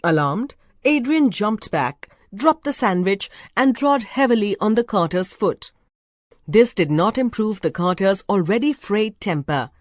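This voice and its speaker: A woman narrating a storybook in a measured, expressive way. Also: mid-range voice, dry recording, studio quality. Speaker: reader.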